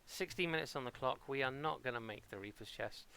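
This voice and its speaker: A man's voice: medium pitch, brisk, creaky, pushed and bright, clear, resonant tone. A man from Portsmouth with a local English accent, rambling playfully and mocking himself as he streams a game at home. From Portsmouth, England. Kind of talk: casual live-stream commentary.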